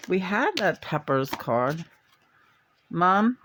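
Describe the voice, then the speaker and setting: A man with a somewhat high voice chats playfully through a tarot reading. He rambles and hesitates, restarting his thoughts, and now and then breaks into a silly meowing sing-song. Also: lively intonation, a little slow, a bit bright, slight background noise. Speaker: tarot reader. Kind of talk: casual rambling chat.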